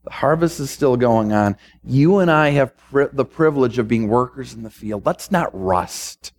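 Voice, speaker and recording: A man's voice: medium pitch, expressive, moderate pace. Male pastor, mid-range voice, emphatic sermon delivery with repeated build-ups.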